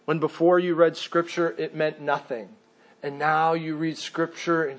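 Pastor, male, unhurried sermon delivery, voice a touch high. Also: little pitch movement. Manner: slow, deliberate preaching with scripture quotes.

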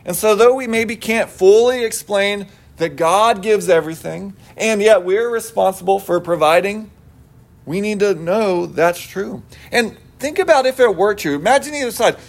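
A man with a notably high-pitched voice delivers a sermon. He preaches earnestly but conversationally, weaving scripture together with homely personal anecdotes. He sounds middle-aged. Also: normal speed. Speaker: pastor.

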